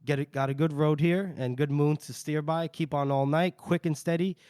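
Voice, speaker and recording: A man voicing a weary, grim older fighter in a book recap, speaking his lines low and terse. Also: steady tone, normal speed, a little mellow, smooth, no room sound, studio quality, lightly acted.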